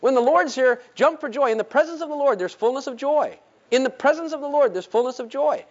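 Male preacher, animated sermon, pitch leaping up and down, dull lo-fi recording. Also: a little fast. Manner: animated, rhetorical questions, acts out Bible quotes.

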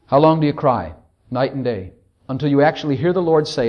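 A man preaching a sermon and reading scripture in old King James wording, fervent, swinging between loud declarations and hushed lines. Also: mid-range voice, expressive, a little fast.

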